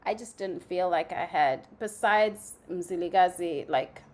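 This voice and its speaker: A woman's voice: fairly low pitch, measured pace. Chatty young woman from Zimbabwe. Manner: animated storytelling, many "like" fillers, acts out quotes. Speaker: guest, playwright and actress. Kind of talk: casual conversational interview.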